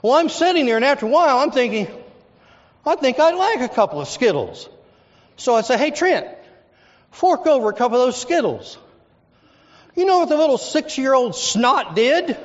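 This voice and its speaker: A man's voice: very high-pitched, sing-song, moderate pace, pauses often. A man from Texas, a pastor, preaching a sermon in a church, telling stories and driving points home with lists and repetition. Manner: storytelling with emphatic repetition and lists. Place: church sanctuary. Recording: dull lo-fi sound with long hall reverb.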